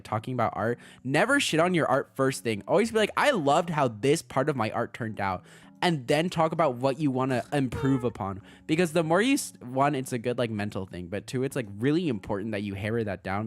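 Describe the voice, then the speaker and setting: A young man with a medium-pitched voice chats casually on a livestream as a VTuber streamer. He's excitable, laughs often, and swears freely.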